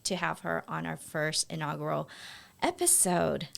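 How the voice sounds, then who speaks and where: A woman's voice: low voice, steady tone, moderate pace, creaky. A woman co-hosting a podcast, eager and enthusiastic, chiming in with agreement. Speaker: podcast co-host. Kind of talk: casual podcast chat.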